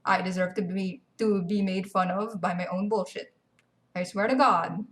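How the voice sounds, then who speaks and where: A woman's voice: medium pitch, moderate pace. Sarcastic woman ranting about games. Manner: animated, sarcastic, swears freely. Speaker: gaming video commentator. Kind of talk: ranting game commentary.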